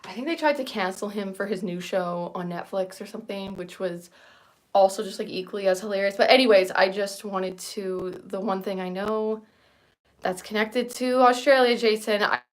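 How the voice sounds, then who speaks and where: A woman's voice: mid-range voice, normal speed. Thirty-something woman chatting on her livestream, rambly, laughs at herself a lot. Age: 30s. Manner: rambling and self-deprecating, laughs often. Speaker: livestream host. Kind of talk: casual livestream chat.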